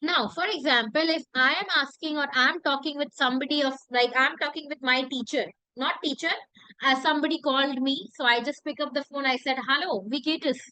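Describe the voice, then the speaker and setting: A woman teaching a language class, repeating phrases slowly and asking the class rhetorical questions. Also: high voice, fairly even intonation, sharp tone, no room sound, rough recording. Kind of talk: classroom lesson.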